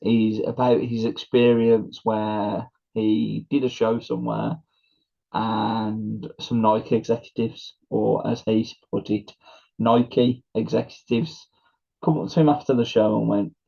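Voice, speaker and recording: A man's voice: fairly low pitch, slow, vocal fry. A man co-hosting a casual podcast, retelling a comedy bit with lots of laughter and acted-out quotes. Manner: animated storyteller, laughing, acting out quotes. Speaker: podcast co-host. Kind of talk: casual chat. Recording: dull lo-fi sound.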